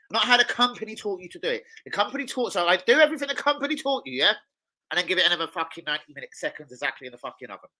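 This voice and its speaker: A chef hosts a football watch-along, rambling excitably and swearing freely in casual chat. His voice is high-pitched and fast, and the recording sounds rough.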